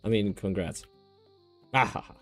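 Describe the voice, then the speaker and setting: A man with a New Zealand accent chats loosely on a gaming livestream, his voice sitting a little low. He rambles from one thought to the next and keeps things jokey. Faint music plays behind him. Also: moderate pace. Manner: rambling and jokey, often laughing. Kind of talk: casual livestream chat.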